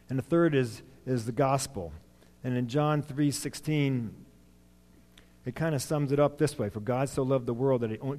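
A man's voice: medium pitch, dark tone. A man giving an informal sermon in a church, plain and conversational, with frequent fillers and restarts. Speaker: lay preacher. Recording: long hall reverb.

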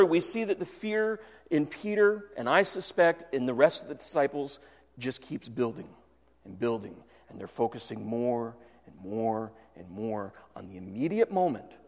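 A man preaching a sermon, earnest, voicing the disciples' fears aloud and dropping to a hush at key lines. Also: fairly high pitch. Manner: earnest, swings from loud to hushed. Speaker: pastor. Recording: long hall reverb.

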